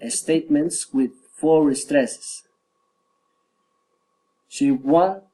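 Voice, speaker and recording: A man reading English pronunciation drills aloud, word by word, carefully and deliberately. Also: fairly high pitch, mellow, rough recording. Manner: careful, deliberate, each item spoken separately. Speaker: reader practicing English pronunciation. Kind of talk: slow reading of word lists and drill sentences.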